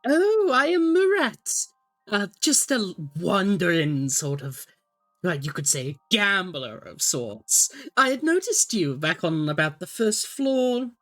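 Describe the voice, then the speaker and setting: A woman's voice: mid-range voice, very animated, slow pace, fairly bright tone, faint music behind, pitched above the performer's own voice. A woman doing a sly male gambler. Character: smooth-talking male wandering gambler.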